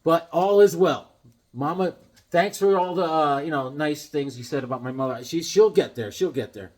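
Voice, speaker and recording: A man's voice: on the high side, moderate pace, darkish tone. A tired middle-aged man chatting casually and rambling with jokes as he shows off old comic books. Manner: rambling, joking, reads comic lines aloud. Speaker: comic book collector vlogger. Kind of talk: casual show-and-tell chat.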